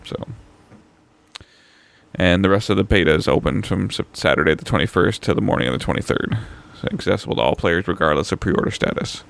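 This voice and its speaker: A man co-hosting a gaming podcast in casual chat, halting along with many fillers and restarts. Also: low-pitched, gravelly. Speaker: podcast co-host.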